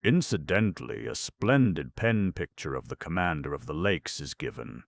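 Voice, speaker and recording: A man narrates an audiobook in a steady, measured way. His voice is extremely deep with a gravelly edge. The sound is close and dry. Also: no room sound. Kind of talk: scripted narration.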